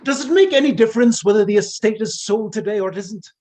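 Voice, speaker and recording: A woman's voice: mid-range voice, lively intonation, fast, mellow, natural voice. A woman playing a stern, idealistic young male student who lectures bluntly. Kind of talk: stage play acting.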